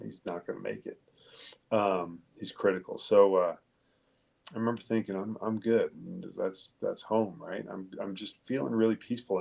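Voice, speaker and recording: Gravelly, low-voiced man telling his story. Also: darkish tone. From Long Island, New York. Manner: halting, profane, with many fillers and restarts. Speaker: guest, police detective. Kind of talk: casual interview storytelling.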